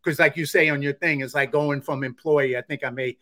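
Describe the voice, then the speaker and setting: A man hosting a podcast who talks in a calm, conversational way and tells stories casually. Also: a little high, a little fast. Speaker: podcast host. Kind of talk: casual interview talk.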